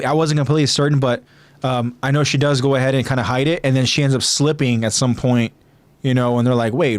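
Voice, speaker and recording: A man's voice: medium pitch, dry recording. A man hosting a podcast in casual chat, rambling with many fillers and restarts. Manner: rambling, filler-heavy, hesitant. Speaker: podcast host.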